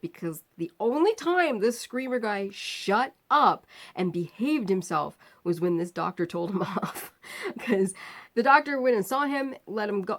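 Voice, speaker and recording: A woman vlogger telling a personal story in a casual, animated way, acting out the quoted voices and laughing now and then. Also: mid-range voice.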